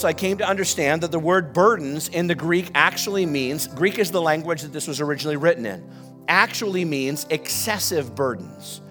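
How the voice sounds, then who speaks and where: A man preaching a sermon as pastor, building animated emphasis as he goes. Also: on the high side. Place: church.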